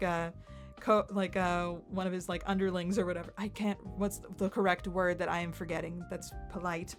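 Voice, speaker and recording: A woman in her thirties rambles through a story in a casual, giggly way, poking fun at herself. She leans hard on "like" and pops into animated little voices when she quotes people. Faint music plays quietly in the background. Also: on the low side. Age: 30s. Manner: giggly and self-deprecating, heavy use of "like". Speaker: channel host.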